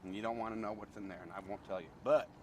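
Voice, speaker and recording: A man's voice: lowish voice, steady tone, racing, far from the mic, slight background noise, lightly acted. A man playing a bumbling wildlife expert in a comedy sketch, rambling and stammering in a folksy way, recorded outdoors. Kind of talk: improvised comedy sketch acting.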